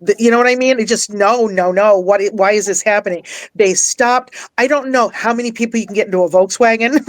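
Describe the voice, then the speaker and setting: A woman's voice: medium pitch, brisk. A woman guest, a life coach and minister, telling a personal story earnestly and with feeling, laughing often and repeating phrases for emphasis, near tears at times.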